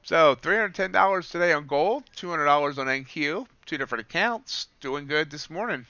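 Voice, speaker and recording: In a dry, lo-fi recording, a man with a fairly high, sharp-toned voice talks at normal speed while trading futures on a livestream. He calls out prices as he goes and says hello to viewers in chat.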